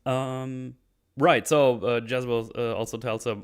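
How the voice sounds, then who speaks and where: A man from Germany chatting casually as podcast host, retelling a film plot and acting out the dialogue in quick voices with casual swearing. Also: medium pitch, steady tone, clean tone.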